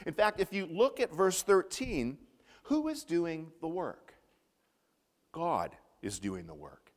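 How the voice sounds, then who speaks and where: A man's voice: on the high side, very animated, slow, long reverb tail. A man preaching a sermon as a pastor, reading scripture, leading a prayer and asking rhetorical questions.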